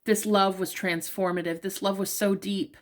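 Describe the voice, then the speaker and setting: A woman reading tarot cards for her viewers in a loose, casual, heartfelt way. She speaks at a middling pitch and addresses the listener directly, full of "like" and "um". Her tone is open and emotional rather than polished. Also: steady tone, moderate pace. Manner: chatty, emotionally open, talks straight to the listener with many fillers. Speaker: tarot reader.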